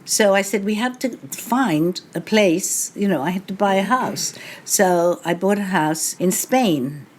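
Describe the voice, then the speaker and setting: An older Englishwoman, the guest author at a live bookshop event, tells wry anecdotes to an audience during an interview and laughs often. Her voice is mid-range, animated and unhurried.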